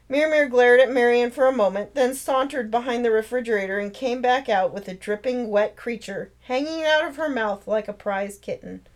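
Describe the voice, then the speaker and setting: A woman author narrating her own novel in a steady, expressive read-aloud. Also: a little high, normal speed, few pauses, low-quality recording. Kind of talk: storytelling narration.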